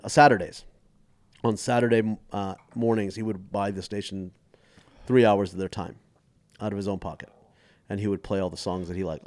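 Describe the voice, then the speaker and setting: A man's voice: lowish voice, dry recording. A middle-aged man from the Dallas area, a comedian telling stories in a casual chat and slipping into voices. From Dallas area, Texas. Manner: animated storyteller who slips into voices and laughs often. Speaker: comedian guest.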